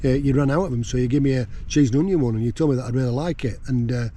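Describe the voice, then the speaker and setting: A man's voice: mid-range voice, rapid-fire, mellow, slight background noise, natural voice. A man telling a joke as a ghostly rabbit. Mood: deadpan. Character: ghost of a male rabbit, cheerful pub regular.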